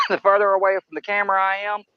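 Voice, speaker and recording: A man's voice: sits high, monotone, moderate pace, bright, forceful tone, clear, resonant tone, lo-fi sound. A man hosting a fishing livestream on a riverbank at night, rambling in a folksy way to his viewers. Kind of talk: casual live-stream chat. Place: outdoors on a riverbank by woods at night. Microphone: camera-mounted microphone near water.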